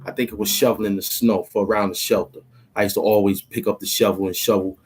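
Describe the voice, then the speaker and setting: A man's voice: lowish voice, fairly even intonation, fast talker, a little hiss or hum, rough recording. A man, a rapper, talking in a loose, rambling monologue full of street slang and "you know what I'm saying", in a small cramped room.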